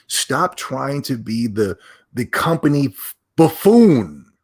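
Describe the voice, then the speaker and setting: Male solo podcast host, animated and mocking, medium pitch. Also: unhurried, husky. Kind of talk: casual solo rant.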